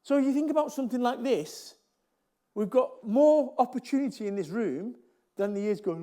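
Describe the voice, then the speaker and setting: A man's voice: extremely high pitch, expressive, brisk, warm tone. A middle-aged man with a Mancunian accent, giving a blunt, jokey motivational talk to a live audience and repeating lines for emphasis. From Salford, England. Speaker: motivational speaker.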